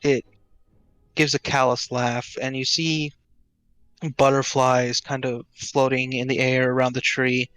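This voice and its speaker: A man's voice: mid-range voice, level tone, a little slow, a bit bright, clear, resonant tone, no room sound. A man narrating a tabletop game as game master, describing scenes with some hesitant fillers.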